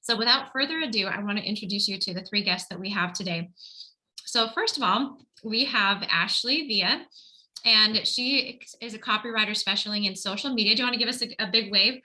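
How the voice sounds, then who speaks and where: A woman's voice: medium pitch, a little fast, bright, forceful tone, low-quality recording. A woman hosting an online panel over a video call, chatty and enthusiastic, often restarting and correcting herself. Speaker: host.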